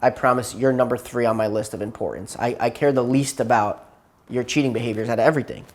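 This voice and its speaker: A man's voice: mid-range voice, fast, darkish tone. A man telling a long story to his therapist, rambling and repeating himself, tired and burnt out. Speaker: client in therapy session.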